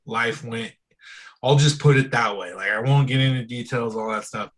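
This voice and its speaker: A man with a slightly husky, mid-pitched voice speaks as an interview guest. His talk is loose and candid, full of casual asides like bro and dude. It sounds like an easygoing one-on-one chat. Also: normal speed, fairly bright tone, rough recording. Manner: loose and frank, often says "bro" and "dude".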